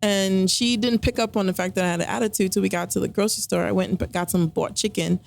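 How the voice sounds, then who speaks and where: A woman's voice: mid-range voice, steady tone, fast talker, creaky. A woman guest on a podcast, telling a personal story in casual chat, full of fillers and acted-out quotes. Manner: chatty, many fillers, acts out quoted dialogue.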